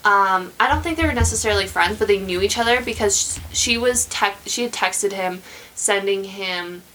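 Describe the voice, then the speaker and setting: A woman's voice: mid-range voice, moderate pace, pushed and bright, a little hiss or hum, poor audio. A young woman hosting a podcast, telling a true crime story in casual chat, rambling with many fillers and restarts.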